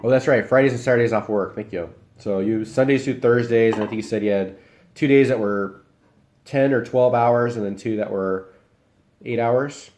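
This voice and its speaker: A man's voice: medium pitch, normal speed. A young man from Iowa, chatting casually with his live stream viewers and answering their comments while he eats. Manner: relaxed, rambling, talks while eating.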